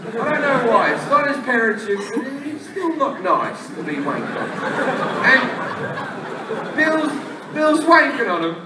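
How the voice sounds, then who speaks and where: A man's voice: extremely high pitch, heavy background noise. A man doing a crude, brash stand-up routine, swearing a lot and acting out voices on a comedy stage. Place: comedy venue with a laughing audience. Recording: echoey live club recording from a distance.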